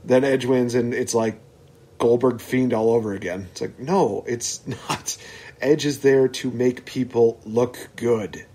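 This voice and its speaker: A man's voice: mid-range voice, steady tone, measured pace, warm tone. A man talking as a podcast guest, giving firm opinions in a casual chat. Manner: opinionated, dismissive of complainers.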